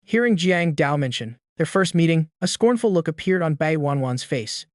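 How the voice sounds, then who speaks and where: Male storyteller, slightly high voice, steady scripted read, close dry mic. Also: moderate pace, hardly any pauses, no room sound. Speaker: narrator.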